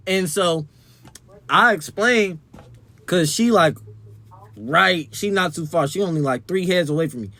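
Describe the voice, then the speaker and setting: Animated young man telling a party story. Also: fairly high pitch, measured pace, dry recording. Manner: animated, slangy, profane. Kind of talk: storytime vlog.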